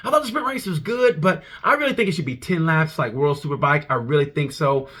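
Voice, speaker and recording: Husky man ranting casually. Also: fairly high pitch, fairly quick. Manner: animated, rambling, profane, repeats restarts. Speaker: comedian reviewing motorcycle races. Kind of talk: casual monologue review.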